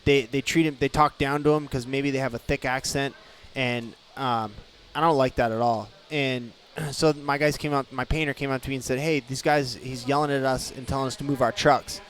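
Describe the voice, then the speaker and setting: A man talking as a guest on a radio show, recorded in the studio. He tells his story in a lively, animated way and acts out what the other people said. His voice sits at an ordinary middle pitch. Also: moderate pace, hardly any pauses, soft background music. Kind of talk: casual storytelling.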